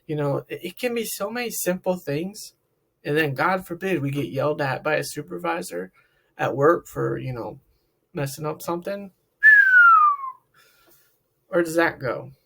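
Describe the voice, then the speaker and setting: A man's voice: on the high side, expressive, moderate pace, gravelly, long pauses, slight background noise. A man working as a therapist, giving a reflective talk to camera, asking many questions and often repeating words. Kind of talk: talk to camera about emotional health.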